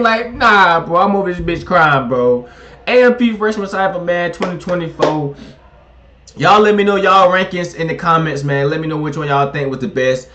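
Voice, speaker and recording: A young man hosting a reaction video, laughing and excitable, talking casually with heavy slang. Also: a little high, normal speed.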